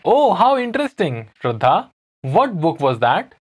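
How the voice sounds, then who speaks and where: A woman's voice: fairly low pitch, sing-song, a little slow, a little mellow, slightly rough. A woman with an Indian accent co-hosting a scripted language lesson, reading dialogue lines for learners to repeat. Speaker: co-host.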